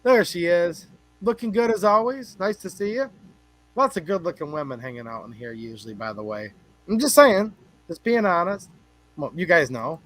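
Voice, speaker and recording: A man hosts a relaxed livestream, rambling and joking as he greets viewers by name. His voice sits a little high for a man. The sound is dry and close, with no room echo. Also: normal speed. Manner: chatty, rambling, jokes with chat. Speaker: livestream host.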